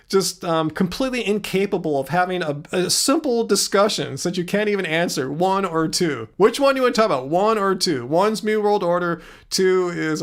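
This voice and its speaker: A man hosting a casual livestream chat, talking bluntly and sounding exasperated with trolls. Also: sits high. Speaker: livestream host.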